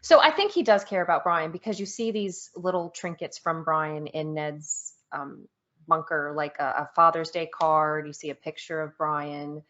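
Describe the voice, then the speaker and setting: A chatty woman gives her thoughts in a casual podcast discussion, laughing often and pausing on um. Her voice sits a little low for a woman. The audio is dull and muffled. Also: steady tone, fairly bright tone. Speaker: podcast panelist.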